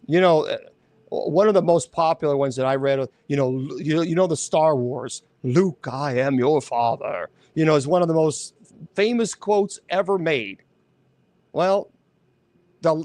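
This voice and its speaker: Male host, casual chat, rambling and animated, slightly high voice, dry close sound. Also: no room sound. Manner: rambling, animated, self-correcting.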